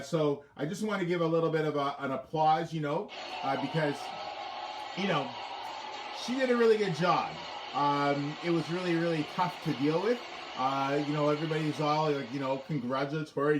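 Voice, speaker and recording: Man telling corny jokes in an echoey basement. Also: fairly high pitch. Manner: corny, laughs at his own jokes. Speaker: host of a home talk show. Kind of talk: jokey late-night monologue. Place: home basement.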